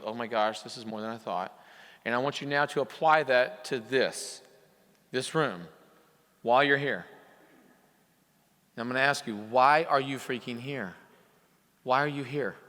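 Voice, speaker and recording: A man's voice: mid-range voice, a bit bright. Impassioned man speaking in a reverberant hall. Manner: impassioned, rising into emphatic peaks. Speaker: coach speaking to repair shop owners. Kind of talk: motivational speech to a live audience. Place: conference hall. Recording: hall reverb from a live venue.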